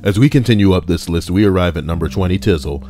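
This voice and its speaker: Low voiced dude reading reddit posts on stream, cracks crude jokes, soft music behind. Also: male voice, fast. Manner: crude, joking asides between readings. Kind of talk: casual livestream reading.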